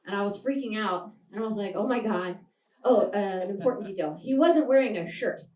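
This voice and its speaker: A woman's voice: medium pitch, animated, fairly quick, mellow. A young adult woman doing a stand-up comedy set at a live show, brash and rambling, often laughing through her lines. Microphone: handheld stage mic. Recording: roomy venue, mic picked up from a distance.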